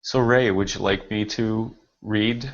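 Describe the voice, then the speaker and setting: Deep gravelly host guy, super encouraging, dull call audio. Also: steady tone, takes it slowly. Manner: effusive, encouraging, reads chat comments aloud. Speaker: host of a group meditation hangout. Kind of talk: upbeat hosting.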